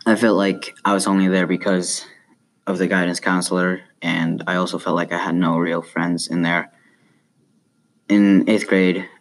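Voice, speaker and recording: A man from South America, a Spanish speaker with a light South American Spanish accent, reading a personal essay aloud in a plain, earnest way. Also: low-pitched. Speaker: student.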